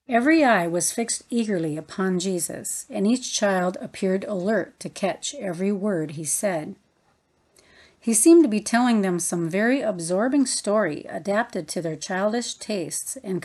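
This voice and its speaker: A woman narrating a book in a measured, reverent reading voice. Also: mid-range voice, darkish tone. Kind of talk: audiobook narration.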